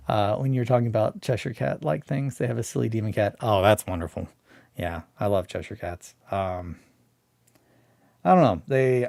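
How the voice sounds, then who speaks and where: Excitable, rambling man on a dry mic. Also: lowish voice, creaky, no room sound. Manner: rambling, excitable, with many restarts. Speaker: hobby streamer. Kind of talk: casual morning chat stream.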